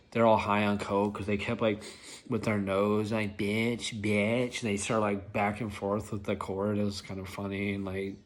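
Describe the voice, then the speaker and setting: Rambling young man, fairly low voice. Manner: rambling, filler-heavy, lots of "like". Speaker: rideshare driver telling stories. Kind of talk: casual storytelling vlog.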